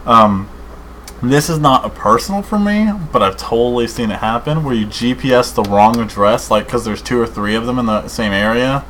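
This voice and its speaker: A man co-hosting a podcast in casual chat, rambling and excited, saying dude and man a lot. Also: mid-range voice, a little hiss or hum, rough recording. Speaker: podcast co-host.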